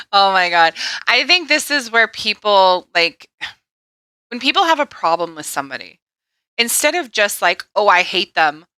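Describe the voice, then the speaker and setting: Giggly woman with a lively, bright voice. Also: on the high side, a little slow, long pauses, clean tone, no room sound. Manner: giggly, teasing, trips over words. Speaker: podcast co-host. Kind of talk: casual chat.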